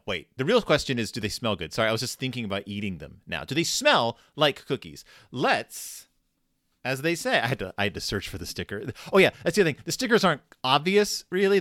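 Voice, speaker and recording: A man's voice: mid-range voice, no echo. A man with a wry, jokey way of talking gives comedic commentary and lets his voice swing widely up and down. The recording is dry and close, with no room sound. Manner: wry, jokey, animated storytelling. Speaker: host reviewing a scratch-and-sniff storybook.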